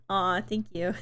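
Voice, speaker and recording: Young woman, streamer, casual chat, giggly, rambling, tired throat, mid-pitched.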